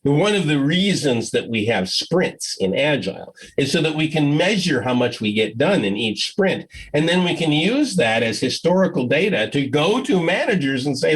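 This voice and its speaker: A man's voice: a little high, normal speed, breathy edge, low-quality recording. An older man giving a conference keynote, telling stories and acting out the voices of the people in them. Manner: animated storytelling, acts out quoted voices. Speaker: keynote speaker.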